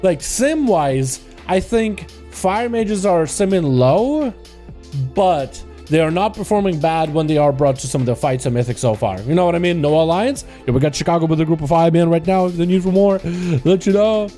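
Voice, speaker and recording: A man's voice: on the high side, expressive, normal speed, dark tone, faint music behind. A young man with a slight Russian accent, a native Russian speaker, chatting casually as a gaming livestreamer. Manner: laid-back, chatty, fills with "yo", "dude" and "boys". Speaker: streamer.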